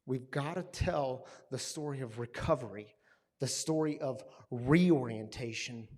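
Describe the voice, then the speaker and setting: A man preaching a sermon as a pastor, telling stories with lively swings between hushed, quiet passages and loud, emphatic ones. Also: mid-range voice, unhurried.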